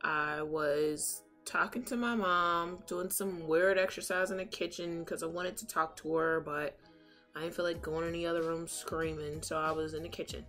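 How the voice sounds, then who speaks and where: A young adult woman telling a story in a casual, animated way while doing her makeup, swinging from calm to loud, excited retelling. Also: on the low side. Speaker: beauty vlogger.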